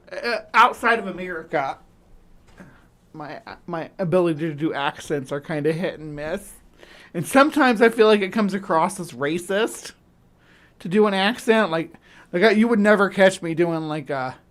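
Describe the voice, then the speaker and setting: Chatty rambling woman hosting a livestream. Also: low-pitched. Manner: rambling, chatty with many fillers. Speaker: livestream host. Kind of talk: casual live-stream chat.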